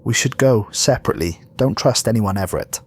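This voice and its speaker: A man's voice: lowish voice, lively intonation, brisk, breathy edge. A man voicing an urgent, secretive woman. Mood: wary.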